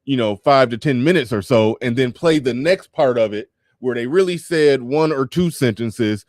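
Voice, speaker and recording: A man's voice: mid-range voice, moderate pace, a little mellow, no echo, clean studio sound. A male show host in a loose, rambling commentary with stammered restarts. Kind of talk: casual livestream commentary.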